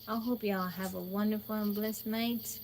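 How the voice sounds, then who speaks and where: A woman hosting a phone livestream, telling a childhood story to her chat in a chatty, animated way with laughs. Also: medium pitch, moderate pace, slight background noise. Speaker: livestream host. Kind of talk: casual storytelling to a live chat. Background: crickets and insects.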